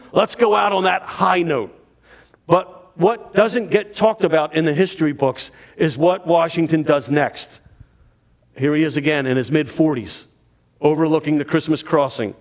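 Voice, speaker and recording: A man giving a dramatic, animated storytelling talk on history to an audience. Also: a little high, moderate pace. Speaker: history speaker.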